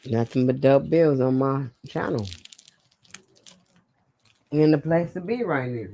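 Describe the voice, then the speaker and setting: Slow-talking, laid-back male host. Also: mid-range voice, dark tone, slight background noise. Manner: laid-back, brief replies. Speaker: channel host. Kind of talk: casual livestream chat.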